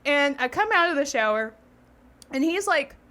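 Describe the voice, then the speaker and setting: Bright high-voiced woman storyteller. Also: normal speed. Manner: animated, laughing, swearing freely. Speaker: podcast co-host. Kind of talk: casual chat, storytelling.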